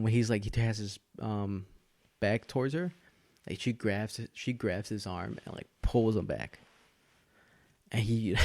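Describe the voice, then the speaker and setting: A man's voice: mid-range voice, creaky, darkish tone, no echo. A young man hosting a podcast, telling a story in rambling casual chat, laughing often and swearing. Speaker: podcast host.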